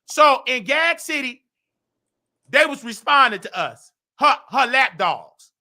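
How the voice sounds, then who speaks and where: Loud gossip host guy, high bright voice, aave, fast trash talk, keeps yelling. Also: lively intonation. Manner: brash, rapid, trash-talking, shouts often.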